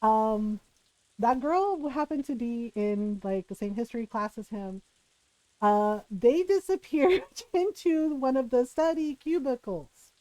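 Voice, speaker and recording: A young woman streamer tells a story on her live stream in a chatty, casual way, sprinkling in "like" and "right?". Her voice sits high, and it is recorded dry and close. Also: measured pace, no room sound, low-quality recording. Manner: animated, chatty, full of "like" and "right?".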